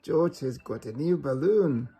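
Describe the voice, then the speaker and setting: A bright-natured little girl piglet from a storybook, put on by a reader. The pitch lifts and bounces, over a gravelly, husky edge. It's read slowly and mellow. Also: animated, faint music behind, lightly acted. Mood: cheerful. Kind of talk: storybook reading.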